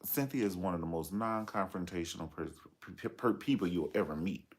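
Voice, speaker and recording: A man's voice: low voice, moderate pace, breathy edge. A man giving sassy, dramatic commentary on reality TV gossip, telling the story with playful asides.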